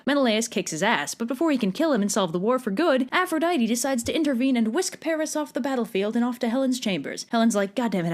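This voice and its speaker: A woman reads a comic summary at a rapid clip, full of sarcastic, irreverent asides. Her voice sits at an ordinary middle pitch. She delivers the jokes dryly and moves straight on. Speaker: narrator.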